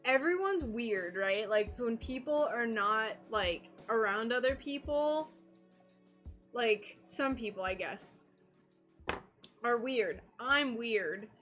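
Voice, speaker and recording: A young woman from North Carolina chats with her stream while she works, rambling and giggling in a high, unhurried voice. She drifts between thoughts and sounds a little self-conscious. Soft music plays faintly underneath. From North Carolina, USA. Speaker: stained glass livestreamer. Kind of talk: casual chat while working.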